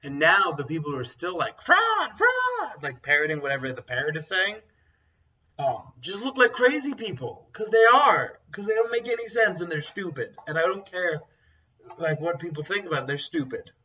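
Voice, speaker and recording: Rambling, bright-voiced young man. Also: high-pitched, expressive, moderate pace. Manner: rambling, blunt, full of fillers. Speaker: co-host. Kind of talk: casual chat. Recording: dull, distant mic sound.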